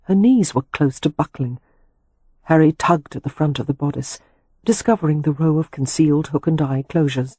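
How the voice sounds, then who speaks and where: A man narrating a romance audiobook in a slow, sensual, measured reading. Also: a little high, dark tone, husky, dry recording. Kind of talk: scripted narration.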